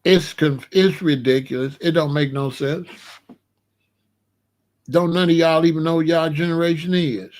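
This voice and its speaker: A man in his sixties giving a rambling comedic monologue as host, telling stories with animated disbelief and laughter. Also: on the high side, measured pace, pauses often. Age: 60s. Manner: animated, incredulous storytelling with laughs.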